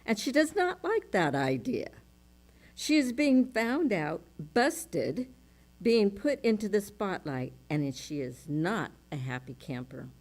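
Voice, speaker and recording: Brief: female speaker at a spiritual service, slow measured reading, mid pitch. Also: very animated, a little mellow. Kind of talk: reading aloud to a congregation.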